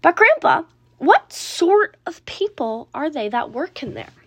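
A woman's voice: high voice, sing-song, a little slow, no echo, pitched above the performer's own voice. A woman doing an eager, curious little boy. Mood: eager questioning. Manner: eager, questioning.

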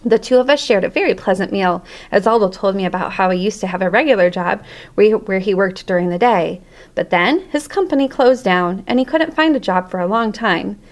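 Woman storybook narrator, lively, expressive, mid pitch. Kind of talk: storybook reading aloud.

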